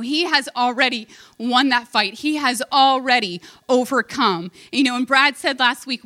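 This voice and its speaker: A woman's voice: fairly high pitch, sharp tone. A woman preaching a heartfelt sermon, retelling a story with earnest emotion.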